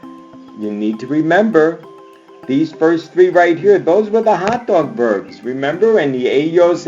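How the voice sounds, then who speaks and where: A man's voice: on the high side, a little mellow, lo-fi sound. A male Spanish teacher giving a screen-recorded grammar lesson, upbeat and chanting verb endings like a cheer. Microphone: computer mic on screencast.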